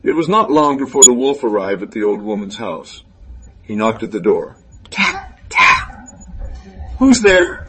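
A man narrating a fairy tale aloud in a calm, even storytelling manner. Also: on the low side, normal speed, rough recording.

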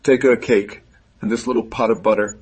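A man with a husky voice reading the soft lines of a caring mother in a storybook. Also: lowish voice, fairly even intonation, fairly quick, poor audio. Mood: gentle.

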